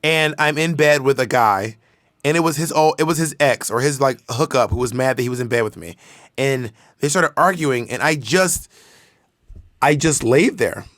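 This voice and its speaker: A man co-hosting a podcast, telling stories and joking in a camp, fast-talking way. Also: medium pitch, fairly bright tone, dry recording, studio quality. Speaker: podcast co-host. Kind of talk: casual chat.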